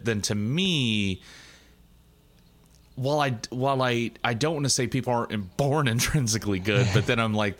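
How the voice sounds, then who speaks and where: A man's voice: fairly low pitch, a bit bright. A man co-hosting a casual conversation, talking earnestly with frequent restarts and repeated words. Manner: halting, many restarts, earnest.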